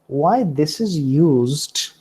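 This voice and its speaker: A man giving a recorded lecture on pronunciation, speaking deliberately, repeating example words and often starting points with "See". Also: fairly high pitch, animated, warm tone, slightly rough, rough recording.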